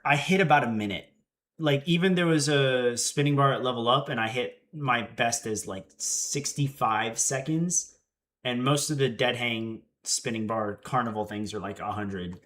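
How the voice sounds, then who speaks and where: A young man in his twenties chatting casually on a livestream and telling an animated story, acting out the quotes. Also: mid-range voice, normal speed. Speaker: streamer.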